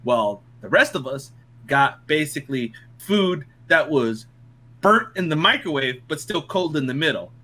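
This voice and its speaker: A young man spins a funny tale among friends, his voice lively and leaping up and down in pitch. The tone is bright and forward. He laughs often and swears as he talks. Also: measured pace. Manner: animated, laughing, swears freely. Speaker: podcast co-host. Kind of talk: casual storytelling among friends.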